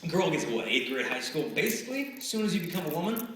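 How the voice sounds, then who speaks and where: A man giving a lively live talk to a student audience, often acting out the voices of the people in his stories. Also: on the high side, quick pace. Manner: animated, acts out quoted voices. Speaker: speaker addressing students. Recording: echoey hall from far off, faint hiss.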